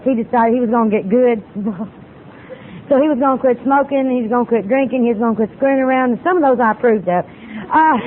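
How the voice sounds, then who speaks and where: A woman giving a personal recovery talk at a retreat, telling her story in a folksy way and acting out the exchanges she quotes. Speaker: retreat speaker. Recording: tinny lo-fi tape with faint rumble.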